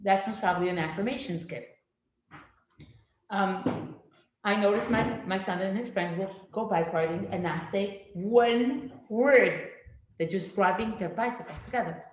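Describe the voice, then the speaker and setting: A middle-aged woman teaching a parenting class in a classroom, lively and acting out children's voices. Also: medium pitch, measured pace, slight background noise. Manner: animated, acts out children's voices. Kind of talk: classroom lecture. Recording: very echoey room.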